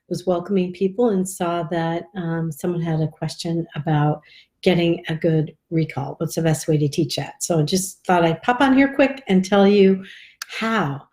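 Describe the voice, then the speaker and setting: A woman's voice: on the low side, a little mellow. A woman dog trainer giving casual live advice in a chatty, rambling way with frequent fillers. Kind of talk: casual live video tip.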